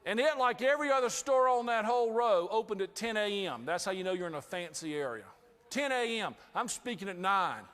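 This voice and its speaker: A man with a high voice tells a lively, humorous story to a live group. He is giving a customer service training talk. His voice rings out with a long reverb, as in a large hall. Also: a little fast.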